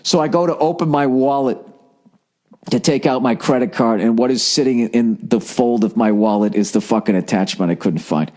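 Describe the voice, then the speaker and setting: A man's voice: mid-range voice, moderate pace, darkish tone. A man in his forties from the United States, a podcast host and comedian, rambling in a profane, self-mocking monologue. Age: 40s.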